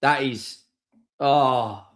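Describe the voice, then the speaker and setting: A young man hosting a live football watchalong, excitable and sweary, swinging between shouts and mutters. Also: mid-range voice, drawn-out words. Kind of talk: live match watchalong reaction.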